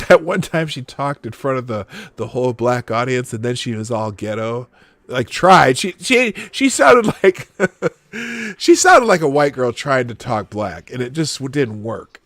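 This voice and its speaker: Man, stream host, sarcastic commentary, lively swooping delivery, dry close sound, faint music behind. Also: mid-range voice, no echo. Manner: sarcastic, mocking, laughs often. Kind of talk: reacting to a clip on a live stream.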